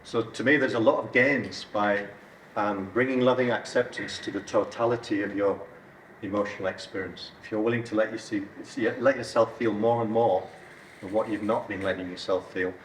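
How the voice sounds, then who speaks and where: A man's voice: lowish voice, fairly even intonation, normal speed, slight background noise. A man speaking at a wellbeing event, emphatic and joking as he explains his ideas. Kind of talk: talk on wellbeing. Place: event hall. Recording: roomy hall audio from a distance.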